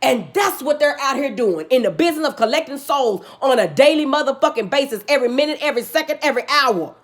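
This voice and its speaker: Fast and expressive, a female vlogger unleashes a heated, expletive-laden tirade. She preaches and keeps restating her points with force, veering from shouting bursts to subdued, quiet spells.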